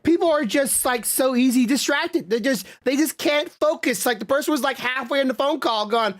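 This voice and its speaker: A woman co-hosting a podcast in casual chat, rambling with halting restarts and mild swearing. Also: high-pitched. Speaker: podcast co-host.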